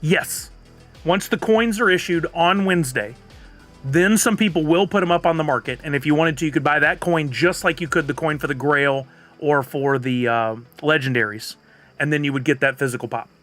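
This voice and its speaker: A man's voice: fairly high pitch, moderate pace, a bit bright, soft background music. A man streaming live, chatting casually and answering viewers' comments. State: has the hiccups.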